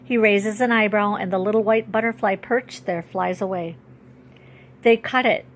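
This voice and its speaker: A woman author reading her own children's book aloud, with expressive storytelling that rises and slows for emphasis. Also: mid-range voice.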